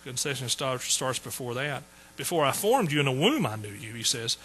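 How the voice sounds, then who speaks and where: A man's voice: medium pitch, big pitch swings, normal speed, pushed and bright, a little hiss or hum, rough recording. A man preaching a sermon in a folksy, joking way. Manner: folksy, joking asides to the congregation. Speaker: pastor.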